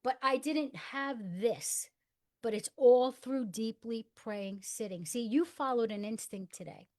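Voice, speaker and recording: A woman's voice: fairly high pitch, a little slow. Earnest woman retelling a story. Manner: earnest storyteller acting out dialogue in hushed tones. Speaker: guest. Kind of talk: personal testimony in conversation.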